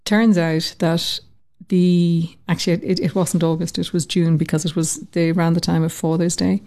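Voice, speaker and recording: A woman telling a personal story in an interview, lively and acting out the voices she quotes. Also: fairly low pitch, normal speed. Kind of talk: conversational storytelling.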